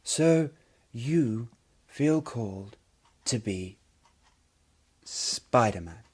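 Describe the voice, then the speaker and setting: A man playing a deadpan, husky TV reporter. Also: medium pitch, drawn-out words, heavily acted. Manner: deadpan mock-earnest questioning. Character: mock-serious male TV field reporter. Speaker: interviewer. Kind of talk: comedy sketch interview.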